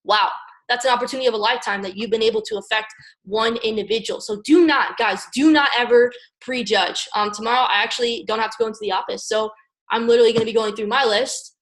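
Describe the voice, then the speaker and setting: A young woman from Maryland giving an energetic motivational coaching talk, repeating "guys" and "okay" and acting out phone calls. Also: on the high side, fast, low-quality recording. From Maryland, USA. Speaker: network marketing team leader.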